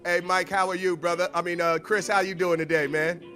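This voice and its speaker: Man, webinar host, energetic hype-man slang, sing-song, higher pitch, hip hop music behind. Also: brisk. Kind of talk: hyped webinar hosting.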